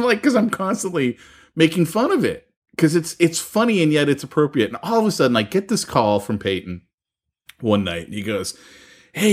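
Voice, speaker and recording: A man co-hosting a podcast, telling stories in a casual, laughing, animated way. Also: mid-range voice. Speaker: podcast co-host. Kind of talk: casual chat.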